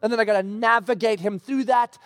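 High-voiced pastor telling a story. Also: male voice, brisk, no echo, clean studio sound. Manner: animated storytelling with acted-out quotes. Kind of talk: sermon. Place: church.

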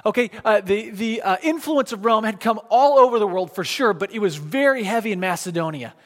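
A man preaching a sermon in a casual, conversational way, pointing things out on a map with plenty of fillers and restarts. His voice sits high for a man. The sound carries a long reverb, as in a big church hall. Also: animated, a little fast. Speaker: pastor.

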